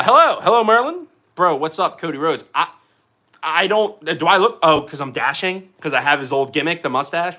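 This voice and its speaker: This young man's livestream is casual: he reads comments from his viewers and chats with energy, rambling as he goes. Sudden bursts of laughter and fast jumps in pitch mark his delivery.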